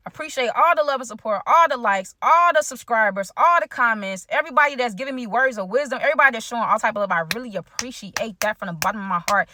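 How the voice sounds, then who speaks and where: Helle, lebhafte junge US-Amerikanerin. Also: female voice, a little high, quick pace, few pauses, slight background noise. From United States. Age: young adult. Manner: animated, chatty, addresses viewers directly. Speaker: vlogger. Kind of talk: storytime vlog.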